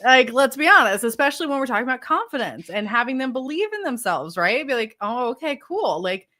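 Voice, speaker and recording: A woman's voice: high-pitched, very animated, brisk, bright, forceful tone. A woman guest coach giving parenting advice in a casual, upbeat way, with lots of "like". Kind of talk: conversational interview.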